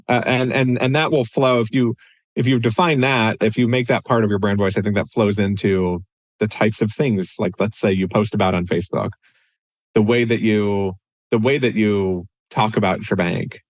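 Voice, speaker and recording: A man's voice: lowish voice, moderate pace, no room sound. A man co-hosting a podcast in a casual, conversational way, with frequent restarts and fillers. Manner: conversational, many restarts and "you know"s. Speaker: podcast co-host.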